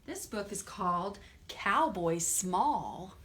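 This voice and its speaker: Reading picture books to toddlers, this librarian speaks slowly in an expressive, medium-pitched voice. She pauses to ask the children gentle questions.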